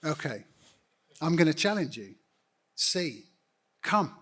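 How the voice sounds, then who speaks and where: A middle-aged man with a voice that sits a little high for a man. He addresses a congregation as a guest leader, earnest and direct, appealing to them to act. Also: big pitch swings, takes it slowly, a bit bright. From United Kingdom. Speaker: guest church network leader. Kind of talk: on-stage interview speaking to a congregation.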